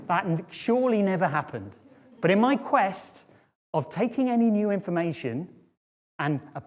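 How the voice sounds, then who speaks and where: A man's voice: sits high, moderate pace, long pauses. A middle-aged man giving a conversational storytelling talk on stage, often checking in with the audience. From Britain. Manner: lively, conversational, checks in with "right?" and "okay?". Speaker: speaker. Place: auditorium stage.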